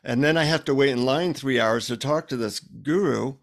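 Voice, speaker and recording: A middle-aged man, an author, telling a story in an animated conversational way and acting out the dialogue. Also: medium pitch, normal speed. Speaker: author guest.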